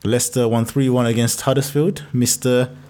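A man co-hosting a football podcast in casual banter, animated and exasperated, laughing often. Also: medium pitch, normal speed. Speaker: podcast co-host.

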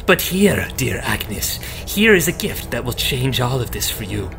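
A man voicing an ominous old witch in a creaky, gravelly voice, speaking slowly. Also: medium pitch, big pitch swings, fairly bright tone, faint music behind, exaggerated voice.

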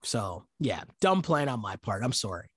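A man's voice: fairly low pitch, big pitch swings, moderate pace, slightly rough, no echo, studio quality. A man from Canada co-hosting a podcast in casual chat, chatty and self-mocking, laughing often. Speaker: podcast co-host.

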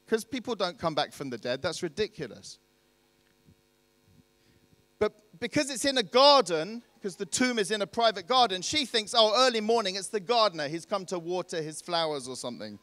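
A man's voice: high voice, a bit bright, no room sound, long reverb tail. A man preaching a sermon, retelling a story in a conversational way and asking rhetorical questions.

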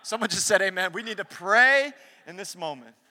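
A young man preaching a lively sermon in a church, acting out the voices he quotes. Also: high voice, normal speed. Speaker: pastor. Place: church sanctuary. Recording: long hall reverb.

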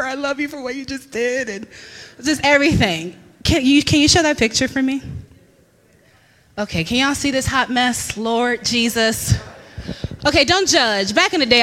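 A woman in her thirties telling a lively personal story to a church congregation, laughing often and acting out what people said. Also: on the high side, in a large hall. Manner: animated storyteller, laughs often, acts out quotes. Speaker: church speaker. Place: church hall.

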